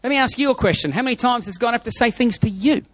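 A man preaches with fervent emphasis, repeating key lines for effect. His voice sits high for a man. The sound is close and dry, with no room around it. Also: fast, a bit bright, no echo. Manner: emphatic preaching with repeated phrases and a told joke. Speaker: pastor. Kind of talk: Easter sermon.

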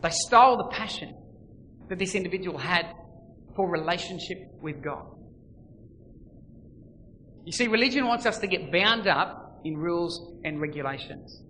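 Aussie pastor preaching, bright punchy voice, lots of hall echo, goes loud then quiet. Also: male voice, high voice, expressive, normal speed, pauses often, slight background noise. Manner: dramatic swings between loud emphasis and quiet. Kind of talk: sermon. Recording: long reverb, faint ambience.

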